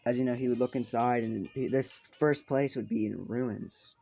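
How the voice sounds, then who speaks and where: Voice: mid-range voice, steady tone, a little fast, hardly any pauses, warm tone, dull audio. A storyteller improvising a fan-fiction tale in a rambling, casual way, full of fillers and swearing, over faint game music. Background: faint video game music.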